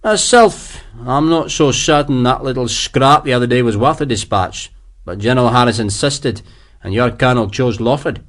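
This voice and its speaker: A man voicing a genial, brisk army general in an audiobook, with a soothing, hearty way of talking. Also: medium pitch, a bit bright, lightly acted. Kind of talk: audiobook character voice.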